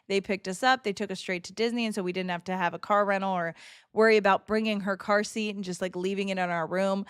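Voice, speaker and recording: A woman in her thirties chatting casually to a live chat, telling a story with laughs and quick asides. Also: mid-range voice, clean tone, no room sound, clean studio sound. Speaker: streamer.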